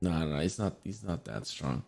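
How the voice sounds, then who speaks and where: Low-voiced man, easygoing game master. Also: moderate pace, vocal fry. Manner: relaxed, laughing, swears freely. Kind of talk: casual post-game chat.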